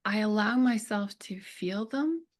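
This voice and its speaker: A middle-aged woman speaking as a podcast guest, telling personal stories in an earnest, emotional way with slow reflective pauses. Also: mid-range voice, lively intonation. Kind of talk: conversational interview.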